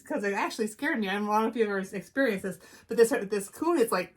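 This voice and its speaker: Woman, middle-aged, from Wyoming, relaxed and hesitant, deadpan, medium-pitched voice. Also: quick pace, hardly any pauses. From Wyoming, USA. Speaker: co-host. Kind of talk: casual storytelling.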